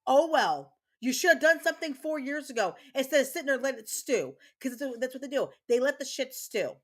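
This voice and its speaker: A woman's voice: sits high, animated, quick pace, fairly bright tone. A woman streamer, a mother, angrily ranting to her chat while playing a game, swearing and repeating herself. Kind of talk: casual livestream chat while gaming.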